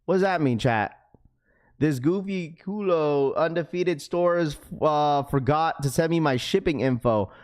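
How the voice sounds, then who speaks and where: A man hosting a casual livestream, chatty and laughing often as he gives shout-outs for donations. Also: on the high side, measured pace. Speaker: livestream host.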